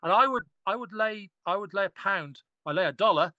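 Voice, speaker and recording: A man's voice: sits high, lively intonation, a little fast, dry recording, muffled recording. A man, an archaeologist guest on a podcast, talking enthusiastically and rambling with frequent restarts. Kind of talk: casual podcast discussion.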